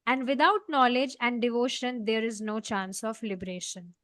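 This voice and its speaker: Brief: woman teacher, high bright register, explains scripture earnestly. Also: steady tone, moderate pace, dry recording. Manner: earnest, explaining, frequent "you know" fillers. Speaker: study group leader. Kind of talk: devotional scripture class.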